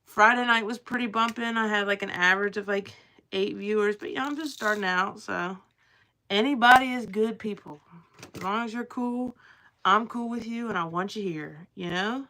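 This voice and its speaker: Young southern gal rambling on her livestream, bright voice with some gravel in it. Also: medium pitch, moderate pace. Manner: chatty, rambling, drawling and playful. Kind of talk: casual chat with live chat.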